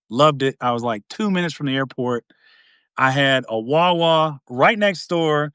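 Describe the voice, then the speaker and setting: A man hosting a podcast, telling a long dating story in a casual, animated way, acting out the quotes with big swings in pitch and volume. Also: measured pace, clear, resonant tone, no room sound, studio quality. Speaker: podcast host.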